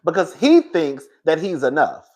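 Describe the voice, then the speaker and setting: A man's voice: fairly high pitch, very animated, moderate pace, a little mellow. A man giving a casual, candid commentary to his viewers, profane and rambling, often restarting and going off on asides. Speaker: reality TV commentator.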